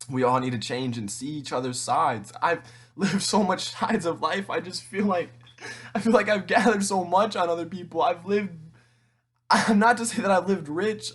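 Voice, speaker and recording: A teenage man in an emotional monologue to camera, tearful and halting, rambling with frequent restarts and swearing. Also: high-pitched, slightly rough. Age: teens. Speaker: vlogger.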